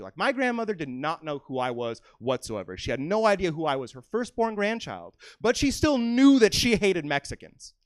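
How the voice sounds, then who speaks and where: A man's voice: fairly high pitch, dry recording. Brash, profane young stand-up man. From California. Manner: brash, profane, swings between loud rants and muttered asides. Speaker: stand-up comic. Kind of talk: stand-up set. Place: small comedy theater stage.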